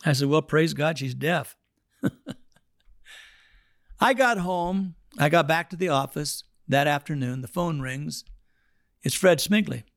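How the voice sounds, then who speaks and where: A man preaching through a story, voicing each person he quotes. His voice sits a bit high, and the sound is dry and close, with no room around it. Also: slow pace, long pauses, dry recording. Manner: animated storytelling, acting out the people he quotes. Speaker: pastor. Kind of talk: storytelling sermon.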